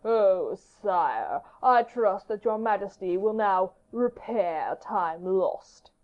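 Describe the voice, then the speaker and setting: A woman voicing a flattering male courtier in an audiobook, speaking slowly and deferentially. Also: medium pitch. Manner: slow, measured, deferential. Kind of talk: audiobook character reading. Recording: dull lo-fi audiobook recording.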